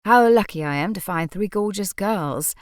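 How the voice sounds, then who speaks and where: A woman's voice: mid-range voice, lively intonation, normal speed, dry recording, clean studio sound, close to an everyday voice. A woman reading the part of a charming, easygoing young man who turns earnest and pleading, in an audiobook.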